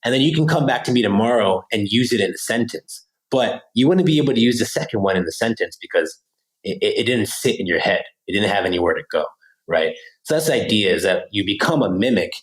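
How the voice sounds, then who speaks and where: An animated man from the United States talks as a podcast guest, his voice sitting a little low. He explains his ideas in a loose, slangy way and keeps asking "right?" to check that the listener is following. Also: quick pace, rough recording. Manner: casual slangy delivery with many "like" fillers. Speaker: podcast guest, language coach.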